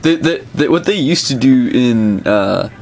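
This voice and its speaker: A man's voice: medium pitch, animated, measured pace, a little mellow, a little hiss or hum. A man chatting casually as co-host, rambling with many restarts and dry asides about comics history. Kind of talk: casual chat.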